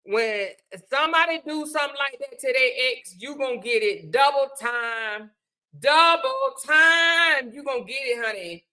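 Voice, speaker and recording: A woman's voice: fairly high pitch, normal speed, hardly any pauses, pushed and bright. A middle-aged woman hosts a live stream, giving sassy, preachy advice and calling her viewers honey and child. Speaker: livestream host. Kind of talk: casual live-stream chat.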